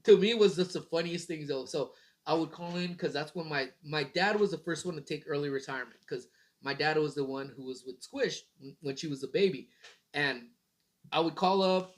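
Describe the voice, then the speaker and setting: Laid-back man chatting on a livestream. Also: fairly high pitch. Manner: rambling, laid-back, swears casually. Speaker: livestream host. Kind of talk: casual morning livestream chat.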